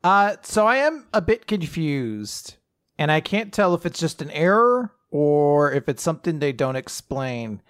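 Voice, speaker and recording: A man's voice: fairly high pitch, sing-song, measured pace, a bit bright, no echo, studio quality. A man co-hosting a casual chat, laid-back with brief interjections. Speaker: podcast co-host.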